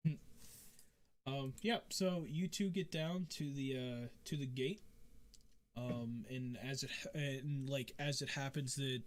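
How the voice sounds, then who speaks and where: A man's voice: mid-range voice, steady tone, slow. A young man narrating as game master in a rambling way, full of fillers, laughing often.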